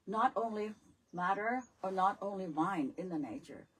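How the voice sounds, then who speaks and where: In a retreat center teaching hall, a Buddhist nun gives a dharma talk in an expressive, mid-range voice at a moderate pace. She laughs often, repeats phrases, and her English grammar is slightly non-native. The recording is rough, with slight background noise.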